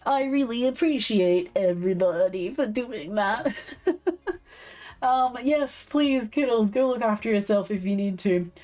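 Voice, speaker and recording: An Australian woman hosts a casual craft livestream, her voice hoarse and fading. She talks in a chatty, giggly way and reads out viewers' messages, while faint music plays underneath. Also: mid-range voice, measured pace, a little mellow. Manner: chatty and giggly, reading out chat. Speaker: stream co-host and moderator.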